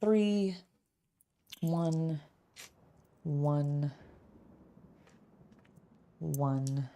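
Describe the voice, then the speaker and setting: A woman's voice: low voice, drawn-out words, warm tone, a little hiss or hum. A young adult woman in a casual building vlog, chatting in a rambling way with many fillers and talking to her cat. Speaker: LEGO builder and channel host.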